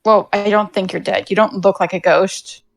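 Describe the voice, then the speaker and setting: A woman voicing a slow-witted young male inspector in a tabletop game, speaking deadpan and slowly drawn out. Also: mid-range voice, gravelly, slight background noise, pitched below the performer's own voice, close to an everyday voice. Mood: earnest.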